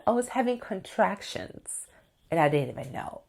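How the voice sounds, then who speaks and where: A woman in her thirties telling a personal story to her viewers in a casual, excitable way, full of fillers and asides to her audience. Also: mid-range voice, unhurried, gravelly. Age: 30s. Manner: excitable and chatty, full of "like" and "you guys". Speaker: vlogger.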